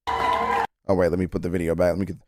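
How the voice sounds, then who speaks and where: A man's voice: sits low, level tone, a little fast, a loud crowd, heavy background noise. A man chatting casually and playfully on a live stream while reacting to a video, often laughing.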